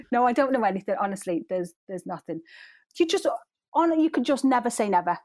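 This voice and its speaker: A woman's voice: a little high, big pitch swings, moderate pace, no echo. A woman in her thirties with a Scouse accent, chatting as a guest in a giggly, rambling way. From Liverpool. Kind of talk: casual interview chat.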